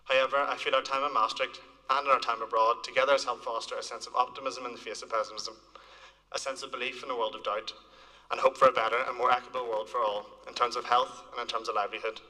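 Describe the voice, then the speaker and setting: A man's voice: medium pitch, little pitch movement, fast, bright, forceful tone. A young man from Northern Ireland giving an earnest, lightly joking graduation speech at a podium in a large hall. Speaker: graduating student speaker. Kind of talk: ceremony speech. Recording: reverberant hall.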